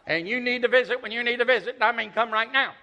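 A man's voice: very high voice, quick pace, sharp tone, lo-fi sound, voice pushed up, exaggerated voice. A preacher voicing a blunt, demanding elderly woman in her seventies. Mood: insistent. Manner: insistent, commanding.

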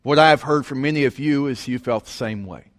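A man preaching, telling a story in an animated way and acting out the voices of the people in it. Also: medium pitch, a little fast. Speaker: pastor. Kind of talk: sermon storytelling. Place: church sanctuary. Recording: long reverb of a large hall.

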